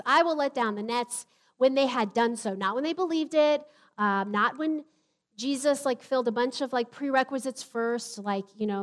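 Woman preacher, fairly high voice, casual emphatic sermon delivery, live church setting. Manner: conversational, emphatic, with jokey asides. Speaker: pastor. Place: church sanctuary.

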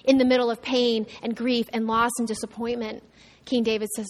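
A woman pastor delivers a sermon with a fairly high, clear voice. She preaches conversationally, with asides and restarts. Her delivery swings from raised, emphatic lines to soft, hushed ones. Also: level tone, fairly quick.

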